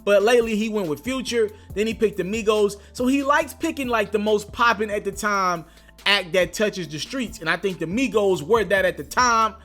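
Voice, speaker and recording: A man giving casual hip-hop commentary on his own channel, speaking in an animated, slangy, emphatic way. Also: sits high, moderate pace, soft background music.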